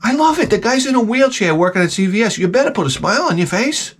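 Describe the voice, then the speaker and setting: A middle-aged man hosting his own channel, giving a crude, profane comedic rant that swings from mutters to shouts. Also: high voice, sing-song, fast talker, slight background noise. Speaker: channel host.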